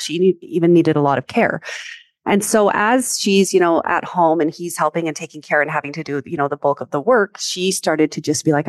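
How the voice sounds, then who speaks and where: A woman with a Canadian accent speaks in a lowish, upbeat voice, clearly a coach talking through stories on a podcast. Her sound is close and dry, with no room around it. She sounds middle-aged and chatty. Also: a little mellow, no echo. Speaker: guest, business and life coach. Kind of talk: casual podcast interview.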